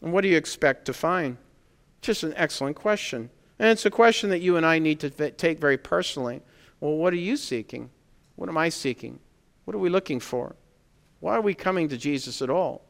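A man preaching a sermon in a conversational, emphatic way, pressing points with loud stresses. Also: a little high, lively intonation, fairly quick, vocal fry, long reverb tail.

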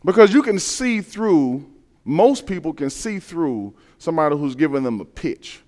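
A man preaching a sermon in an earnest, conversational way, dropping to quiet asides and building to loud emphasis. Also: lively intonation, normal speed, long reverb tail. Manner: earnest, swings between soft low asides and loud rising emphasis; conversational, uses everyday scenarios and repeats key phrases.

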